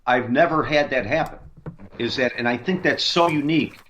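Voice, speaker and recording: A man's voice: mid-range voice, moderate pace, fairly bright tone, a little hiss or hum. A man, a paranormal investigator, tells a long story in a rambling way, with many fillers and restarts. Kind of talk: casual storytelling on a radio interview.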